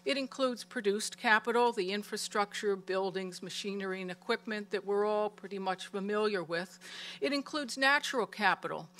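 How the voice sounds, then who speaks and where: A woman giving a prepared presentation of a research report in a steady, measured way. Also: mid-range voice.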